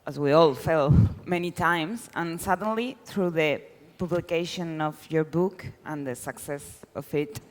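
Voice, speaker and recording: Woman interviewer, English, halting phrasing, lowish voice. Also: in a large hall. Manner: halting, searching for words. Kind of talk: live onstage conversation.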